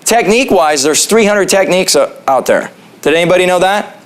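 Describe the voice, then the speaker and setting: Chiropractor guy teaching a class in his office, high-ish voice, jokey, keeps quizzing the crowd. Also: animated, brisk. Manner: joking, asks the audience questions. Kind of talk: casual classroom lecture.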